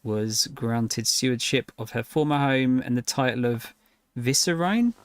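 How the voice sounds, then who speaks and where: A man's voice: medium pitch, measured pace, clear, resonant tone. A man streaming a video game, reading lore entries aloud and adding wry, casual asides. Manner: wry, casual asides between read-out passages.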